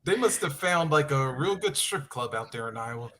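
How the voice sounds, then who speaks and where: Laid-back male co-host with lively pitch. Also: moderate pace. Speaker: podcast co-host. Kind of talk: casual chat about pro wrestling.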